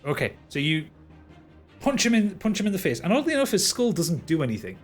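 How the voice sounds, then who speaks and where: A man's voice: sits high, big pitch swings, a little fast, faint music behind. A man narrating as dungeon master, stumbling and repeating words as he describes the action. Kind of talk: narrating a tabletop game.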